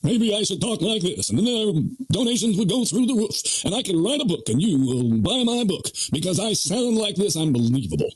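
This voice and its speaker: A man's voice: high-pitched, sing-song, a little fast, few pauses, husky, dry recording, voice pushed up, full character voice, poor audio. A man imitating a showy Southern preacher in a drawling, sing-song preaching cadence. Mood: mocking.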